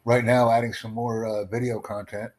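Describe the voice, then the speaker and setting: A man with a mid-range voice talks in an even, smooth, promotional way as he runs a live-streamed chat. He stays calm and unbothered, almost salesman-like. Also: mid-range voice, moderate pace, background noise.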